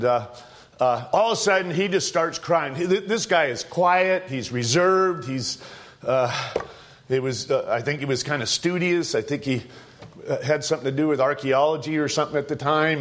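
High-voiced man preaching a folksy sermon. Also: a bit bright. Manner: conversational, joking, storytelling. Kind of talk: informal sermon.

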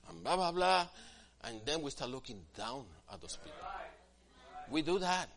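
A man preaching a sermon as pastor, swinging from quiet asides to loud, emphatic passages and acting out what church members say. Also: a little high, expressive, normal speed. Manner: acts out quoted church members in different voices.

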